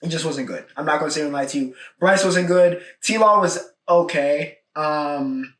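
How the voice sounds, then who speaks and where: A man's voice: a little high, unhurried, fairly bright tone. A young man hosting a solo sports podcast, talking casually and emphatically, often repeating his points with "all right?". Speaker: podcast host. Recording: echoey room, mic at a distance.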